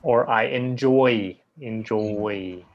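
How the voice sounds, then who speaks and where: Slow, patient male English teacher. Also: lowish voice, muffled recording, a crowd in the background. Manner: slow, drawn-out model sounds with many "right?" checks. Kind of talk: pronunciation lesson.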